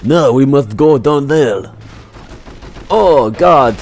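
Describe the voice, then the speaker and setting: A man's voice: medium pitch, lively intonation, slow pace, a little mellow. A man putting on a comic Russian voice as a grandiose Soviet man, speaking stiffly and pompously into a headset mic. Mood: mock boastful.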